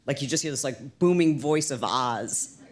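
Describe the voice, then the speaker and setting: A middle-aged woman entrepreneur telling stories as an interview guest, lively and chatty with lots of "like" and restarts. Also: a bass voice, normal speed, a little hiss or hum. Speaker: guest, entrepreneur and fitness instructor. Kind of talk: casual storytelling interview.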